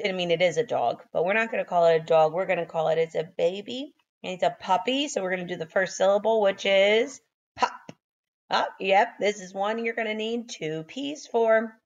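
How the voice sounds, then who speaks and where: A woman teaching young children phonics, sounding out letters slowly and praising them, a little sleepy and yawning. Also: medium pitch, highs cut off.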